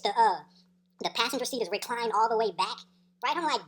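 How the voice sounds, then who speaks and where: A woman's voice: on the high side, animated, a little fast. A woman telling a story in a casual, slangy, profane way, laughing as she goes. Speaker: storyteller vlogger.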